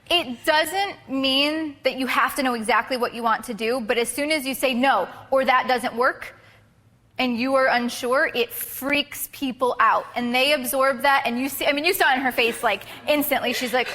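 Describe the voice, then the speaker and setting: A woman's voice: high voice, moderate pace, bright, forceful tone. Chatty woman teaching in a reverberant hall. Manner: casual, chatty, many fillers and restarts. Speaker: photography instructor. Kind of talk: live workshop talk.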